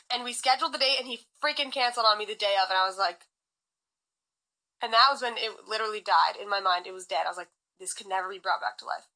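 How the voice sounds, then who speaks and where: A young woman from California, chatting to her phone about her past in a bright, clear voice that sits a little high. She rambles with plenty of fillers and jumps into animated quoted lines. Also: rough recording. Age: young adult. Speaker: singer vlogging. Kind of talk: casual storytelling to phone.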